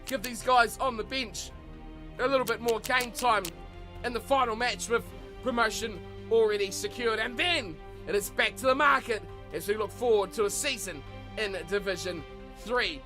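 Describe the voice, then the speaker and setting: Very high-voiced man calling rugby gameplay. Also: normal speed. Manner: play-by-play caller, lively and chatty. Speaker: video game let's player. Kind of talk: mock sports commentary over gameplay. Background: game music.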